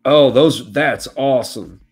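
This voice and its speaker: A man's voice: mid-range voice, unhurried, breathy edge, soft background music. A man hosting a casual comics livestream who chats in an easygoing way and greets his viewers. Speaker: livestream host. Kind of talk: casual chat.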